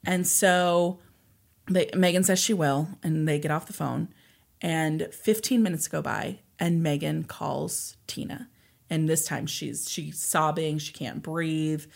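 A woman's voice: deep voice, fairly even intonation, slow, vocal fry. A woman co-hosting a podcast, retelling a story at length with many "like"s and "and so"s. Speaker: podcast co-host.

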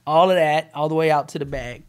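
Motivational speaker guy telling his story, emphatic, fairly high voice, acts out dialogue. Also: fairly quick, clean tone. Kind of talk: personal storytelling in an interview.

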